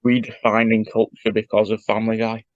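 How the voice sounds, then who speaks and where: Male podcast co-host, low voice, halting analytical delivery, lo-fi dry sound. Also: monotone, no room sound. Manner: analytical, hesitant with many fillers. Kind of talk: casual chat.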